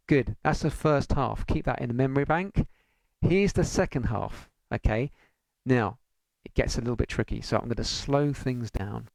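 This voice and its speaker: Patient male piano tutor, gravelly edge, counts rhythms aloud. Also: medium pitch, normal speed, a little mellow, no room sound. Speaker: piano teacher. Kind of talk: online music lesson.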